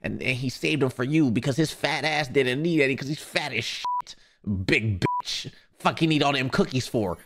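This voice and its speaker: A man streaming live, chatting casually with viewers and ranting in a profane, animated way. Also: mid-range voice, normal speed.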